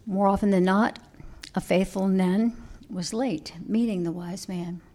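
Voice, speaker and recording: Woman preaching with hushed storytelling. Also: medium pitch, steady tone, measured pace. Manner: storytelling, swings between emphatic and hushed. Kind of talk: sermon.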